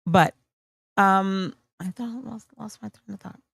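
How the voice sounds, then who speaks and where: Blunt woman streamer with gravelly voice. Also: medium pitch, measured pace, a bit bright, no room sound. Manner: blunt, dismissive, with many fillers and restarts. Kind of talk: casual livestream commentary. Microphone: streaming mic on camera.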